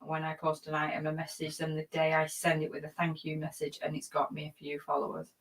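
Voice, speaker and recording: Quiet woman reading out comments. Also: low-pitched, completely flat delivery, fast talker, creaky, rough recording. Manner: reads comments aloud, quiet, giggly. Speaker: co-host reading chat. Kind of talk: live-stream chat reading viewer comments.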